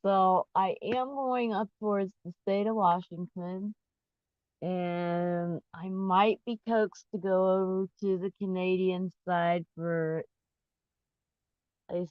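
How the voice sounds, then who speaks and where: A woman's voice: lowish voice, fairly even intonation, slow, no room sound. A woman talking in a casual personal vlog, candid and open about her feelings, rambling and often trailing off to restart her thought. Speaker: vlogger. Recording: dull, dry lo-fi recording.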